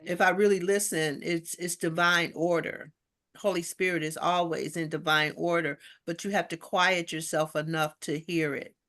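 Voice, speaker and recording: Animated woman minister telling stories. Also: on the low side, moderate pace. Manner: animated storyteller, acts out quoted voices; slangy, warm-hearted spiritual talk. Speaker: guest minister. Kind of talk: casual chat.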